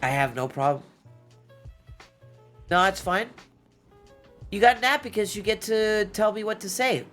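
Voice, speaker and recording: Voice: medium pitch, animated, unhurried, pauses often, a bit bright, faint music behind. A streamer with a stuffy nose chatting casually with viewers late at night, playful and teasing, laughing often. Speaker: Twitch streamer.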